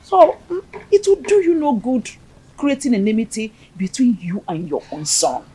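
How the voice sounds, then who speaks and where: An actress playing a wise queen who calmly reasons with her king. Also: a little high, breathy edge, heavily acted, rough recording. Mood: pleading. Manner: persuasive, measured.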